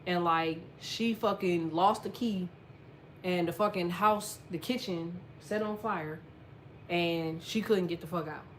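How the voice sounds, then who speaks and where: A woman's voice: lowish voice, measured pace, slight background noise. A woman telling a personal story in a casual monologue, blunt and swearing constantly. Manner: lively storyteller, quietens when telling sad parts. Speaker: astrology content creator.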